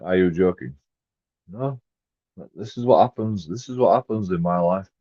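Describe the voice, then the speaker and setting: A man with a low voice rambles through a live stream, cursing freely and lurching from mutters to sudden loud bursts. The recording is dry and dull, a muffled lo-fi capture with no room sound. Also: normal speed, breathy edge, no echo. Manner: rambling, profane, jumps between mumbled asides and loud outbursts.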